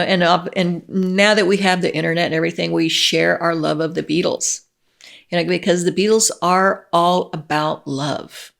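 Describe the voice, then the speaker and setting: Middle-aged woman vlogger, low and gravelly, excitable, chatty. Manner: gushing, excitable, many restarts and laughs. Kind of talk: casual chat to camera.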